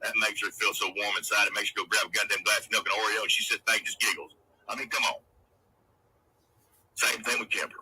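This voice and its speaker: A man's voice: fairly low pitch, flat delivery, fast talker, bright, forceful tone, breathy edge, poor audio. A man hosting a livestream, delivering a profane, confrontational rant and taunting his critics. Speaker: livestream host.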